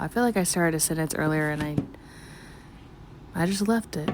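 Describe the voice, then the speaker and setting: A woman's voice: deep voice, normal speed, long pauses, noisy background. Rambling woman in a late-night voiceover. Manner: chatty, scattered, talks to herself; slips in and out of a country twang. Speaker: art vlogger. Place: at home at night.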